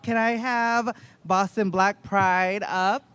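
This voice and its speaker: A man emceeing an outdoor event, briskly calling the next speakers up to the stage. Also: high voice, steady tone, a bit bright, smooth.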